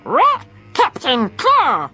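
A man's voice: very high voice, huge pitch swings, extremely slow, pushed and bright, soft background music, voice pushed up, heavily acted. A man voicing a frantic female parrot who squawks and repeats one word in a storybook reading. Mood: frantic squawking.

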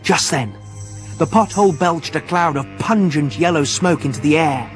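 Expressive male audiobook narrator. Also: fairly high pitch, moderate pace, soft background music. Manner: expressive, vivid storytelling. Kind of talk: audiobook narration of a children's adventure.

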